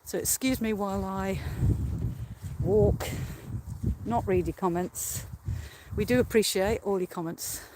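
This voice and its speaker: The recording is very noisy: an Australian live-stream host walks outdoors on a hill by a ruined castle, chatting and rambling into a handheld phone. The medium-pitched voice is a little slow, breathless, and punctuated by frequent laughter.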